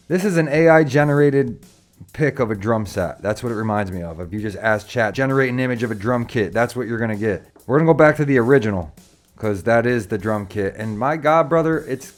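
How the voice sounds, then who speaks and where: A man's voice: medium pitch, a little fast, faint music behind. Joking, slangy young man. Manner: joking, profane, slangy, calls viewers brother. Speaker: drummer rating drum kits. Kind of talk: casual chat.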